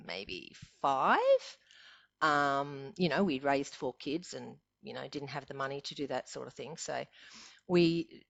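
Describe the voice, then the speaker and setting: A woman's voice: sits low, vocal fry, no echo, highs cut off. An Australian woman in her sixties, a podcast guest telling her stories in a chatty way and laughing often. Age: 60s. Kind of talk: casual storytelling.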